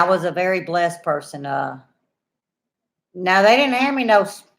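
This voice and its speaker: An older woman, chatting and telling stories to her viewers in a folksy, down-home way. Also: low voice. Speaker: homesteading channel host. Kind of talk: casual chat and storytelling to viewers.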